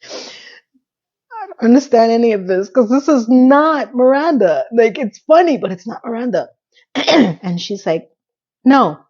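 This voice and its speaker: A middle-aged woman, recapping a TV episode as a casual host. She is candid and animated and swears freely. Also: a little high, unhurried, pauses often. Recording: dull lo-fi sound.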